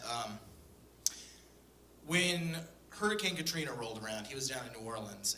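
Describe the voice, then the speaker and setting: A young man tells stand-up stories in a deadpan, profane way, acting out bits of dialogue. His voice is very bright and cutting. It is heard from a distance in an echoey live room. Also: medium pitch. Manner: profane, deadpan storytelling with acted-out quotes. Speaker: stand-up comedian. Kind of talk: stand-up storytelling. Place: comedy stage before a live audience.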